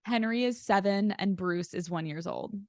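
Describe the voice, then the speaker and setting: Animated woman telling stories, dry close mic. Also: mid-range voice, normal speed, dry recording. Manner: animated storyteller acting out quotes. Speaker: podcast guest. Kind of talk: casual chat.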